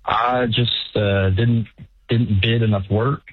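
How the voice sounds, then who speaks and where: A man calling into a radio show, sounding nervous and hesitant, with many pauses and fillers. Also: lowish voice, fairly even intonation, slight background noise. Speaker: caller. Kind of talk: phone-in conversation. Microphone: telephone. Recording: dry tinny phone line.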